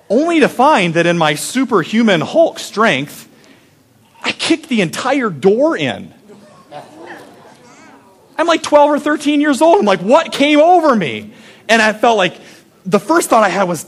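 A man preaching with an animated storytelling manner, dropping low and soft for his reflective points. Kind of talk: sermon storytelling.

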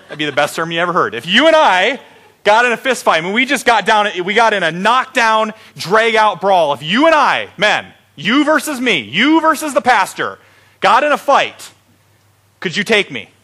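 A man's voice: high-pitched, big pitch swings, normal speed, pushed and bright. A middle-aged man preaching an Easter sermon as pastor, joking and playful with his congregation.

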